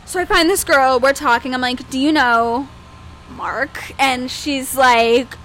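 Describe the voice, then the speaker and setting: This young woman co-hosts a podcast, speaking slowly in a high-pitched voice over a faint hiss or hum. She chats casually and tells her story with animation, performing the voices of the people she quotes.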